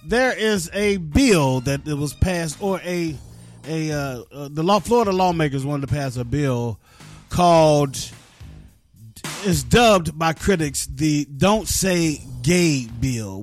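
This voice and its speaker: A man hosting a talk radio show, loose and casual, cursing freely as he talks. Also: on the high side. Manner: loose, laid-back, swearing freely. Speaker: radio host.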